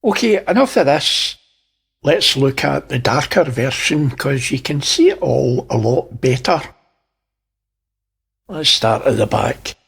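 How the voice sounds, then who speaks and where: A Scottish man talks slowly and deliberately, pointing things out one by one. His voice is gravelly with a husky edge, and he drops in dry jokes between observations. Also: medium pitch, expressive, fairly bright tone. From Scotland. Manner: slow, pointing things out, wry asides. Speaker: channel host. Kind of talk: narrating image analysis.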